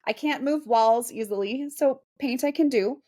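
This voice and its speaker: Chatty self-deprecating woman, fairly high voice. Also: normal speed, dark tone. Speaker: real estate agent, guest. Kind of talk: casual interview chat.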